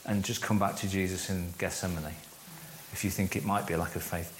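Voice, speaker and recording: A man leading a church course, giving a teaching talk to a group and slowing down to stress key phrases. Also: sits low, steady tone, slight background noise. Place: room with a live audience. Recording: echoey room.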